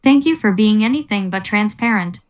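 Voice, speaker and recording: A woman delivering a scripted satirical interview in a deadpan, mocking tone. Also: medium pitch, moderate pace. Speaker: mock interviewer.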